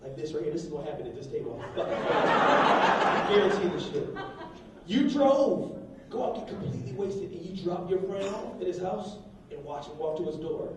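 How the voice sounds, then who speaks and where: A man's voice: high-pitched, animated, normal speed, far from the mic, very noisy. A man doing a brash, profane stand-up set on a comedy club stage, baiting the crowd. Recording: echoey live club, mic heard from afar, crowd laughter.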